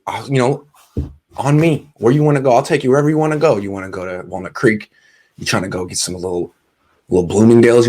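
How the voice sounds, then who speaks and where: Animated man telling a story. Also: on the low side. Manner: animated, self-deprecating, lots of restarts. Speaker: sports insider and vlogger. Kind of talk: casual storytelling monologue.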